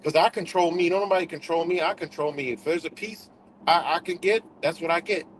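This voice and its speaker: High-pitched dude ranting live, swearing a lot, hammering his points over and over, faint noise behind. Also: fairly quick, rough recording. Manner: profane, emphatic, repeats himself. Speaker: livestream host. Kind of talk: casual livestream rant.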